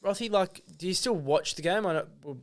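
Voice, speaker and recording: A man's voice: high-pitched, fairly quick. A man hosting a podcast, asking long, rambling questions. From Australia. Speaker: podcast host. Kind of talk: casual interview chat.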